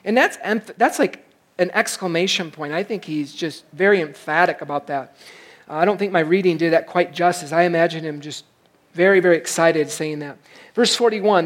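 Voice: medium pitch, normal speed. A pastor giving a sermon in an emphatic, conversational way, with asides to the congregation.

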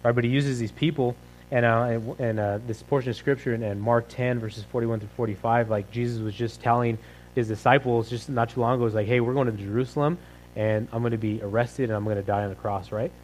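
A man's voice: mid-range voice, fairly even intonation, fast talker, darkish tone, slight background noise, rough recording. A man preaching a casual, conversational sermon, peppering his talk with "right?" and "like". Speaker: pastor.

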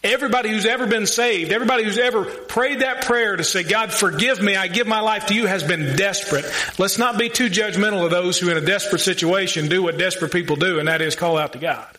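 A man preaching a sermon, earnest and conversational, with emphatic pauses and direct questions to the congregation. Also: high voice, sharp tone, poor audio. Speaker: pastor.

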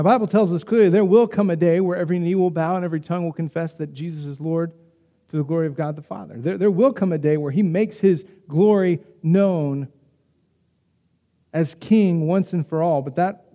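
A man delivers a sermon with a high, mellow voice. He preaches in a chatty, animated way and keeps slipping into quick acted asides. His voice rings through a hall with a long reverb. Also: lo-fi sound. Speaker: pastor.

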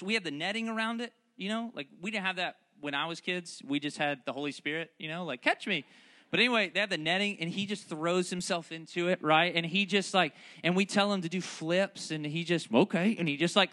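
A man's voice: high voice, sharp tone. A man, preaching a sermon that mixes joking family stories with fervent, repeated calls to the congregation. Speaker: pastor.

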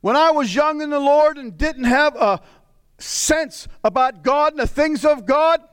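The middle-aged pastor preaches intensely, his voice climbing to cries and sinking to tired murmurs. He speaks a little slowly, with a slightly bright sound.

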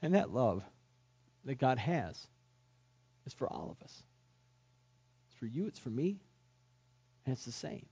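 Man, pastor, earnest sermon, husky, dull lo-fi sound. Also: mid-range voice, sing-song, unhurried, pauses often, warm tone. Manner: earnest, emphatic preaching.

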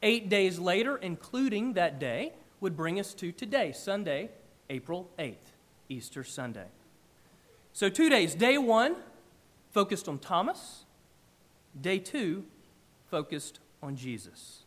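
A man preaching a sermon in church, emphatic and animated, with big swings in loudness. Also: sits high, takes it slowly, long pauses. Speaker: pastor.

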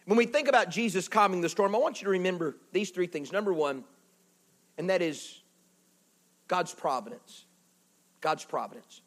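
A man with a strikingly high voice preaches a sermon in a church. He swings between loud, emphatic lines and near-whispers, then drops into folksy, chatty asides with the congregation. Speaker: pastor. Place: church building.

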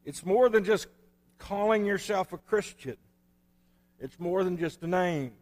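A male pastor delivers a storytelling sermon in a folksy, easygoing manner. His voice sits notably high for a man. The recording carries the long reverb of a church hall. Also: a little slow, darkish tone. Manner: storytelling preacher, folksy and conversational. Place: church sanctuary.

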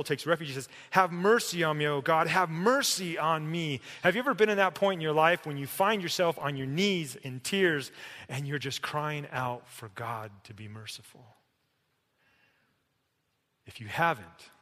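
A man's voice: a little high, measured pace, pauses often. Emphatic man preaching in a reverberant hall. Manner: emphatic, shifts from loud to hushed. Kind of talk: sermon.

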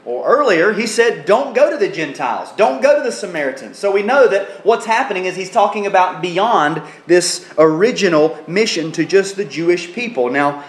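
A man with a high voice preaches an expository sermon, teaching earnestly verse by verse. He acts out the quoted speech with some life. The recording rings with the echo of a church sanctuary. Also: lively intonation, normal speed, few pauses. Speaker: pastor.

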